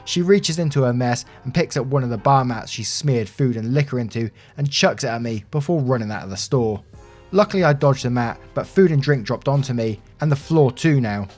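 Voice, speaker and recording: Guy reading reddit stories over soft music, middle pitch, lively. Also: a little fast. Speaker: Reddit story narrator. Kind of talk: scripted story narration. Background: soft background music.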